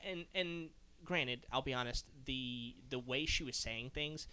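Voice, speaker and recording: Casual podcast guy with a bright tone, rambling, full of "like, right?". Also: mid-range voice, a little slow, smooth. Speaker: podcast co-host. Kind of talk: casual chat.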